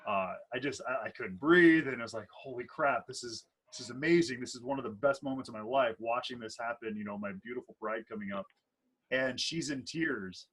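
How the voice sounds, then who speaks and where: A man's voice: mid-range voice, fairly quick, fairly bright tone, breathy edge, poor audio. A man in his thirties, a wedding DJ and MC co-hosting a casual podcast chat, telling stories in a playful, rambling way with many restarts. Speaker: wedding DJ and MC, co-host.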